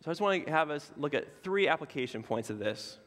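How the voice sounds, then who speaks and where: A man's voice: a little high, animated, fast, fairly bright tone. Casual preaching man in a reverberant hall. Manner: conversational, casual asides with fillers. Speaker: pastor. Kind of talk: sermon. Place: church sanctuary.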